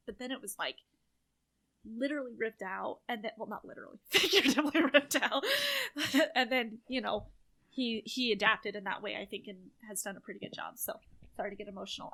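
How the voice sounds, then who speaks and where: A woman's voice: on the high side, brisk, bright, forceful tone. A young woman co-hosting a podcast, chatting casually and emotionally, often laughing. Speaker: podcast co-host. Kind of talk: casual chat.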